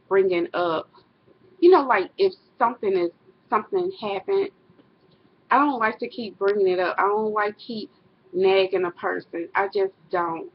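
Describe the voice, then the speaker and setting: Middle-aged woman, husky voice, casual rambling vlog monologue, dull webcam audio. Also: mid-range voice. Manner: rambling, self-correcting, laughs often. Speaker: vlogger.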